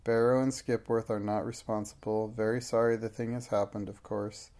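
A cool, shrewd lawyer from a storybook, read by a man. He speaks dryly and without interest, his low voice staying level and even. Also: moderate pace, close to an everyday voice. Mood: indifferent. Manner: indifferent, dry. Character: cool, detached businessman lawyer.

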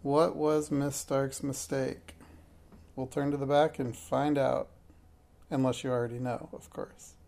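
A man reading a children's detective story aloud, steady and plain, now and then stumbling and correcting himself. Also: on the high side, vocal fry. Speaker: reader.

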